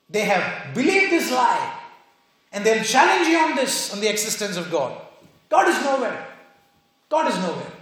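High-voiced man preaching in an echoey hall. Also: fairly bright tone. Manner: emphatic preaching with repeated rhetorical questions. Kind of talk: sermon.

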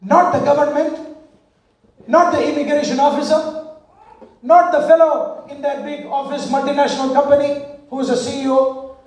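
A man's voice: extremely high pitch, level tone, moderate pace, a little mellow. A male pastor preaching a sermon, with rhythmic call-and-response and repeated parallel phrases, recorded in a church. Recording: echoey church hall from far off.

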